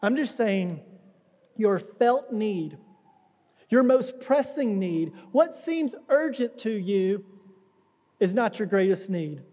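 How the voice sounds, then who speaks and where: High-voiced man preaching in a reverberant hall. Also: expressive, slow pace, long pauses, darkish tone. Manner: conversational preaching with acted-out quotes. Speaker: pastor. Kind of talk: sermon. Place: church sanctuary.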